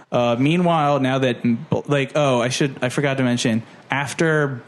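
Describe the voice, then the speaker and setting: A man's voice: medium pitch, moderate pace, hardly any pauses. Rambling young man recapping a movie. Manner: animated retelling with lots of "like", puts on silly voices for characters. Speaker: podcast co-host. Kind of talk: casual movie plot recap.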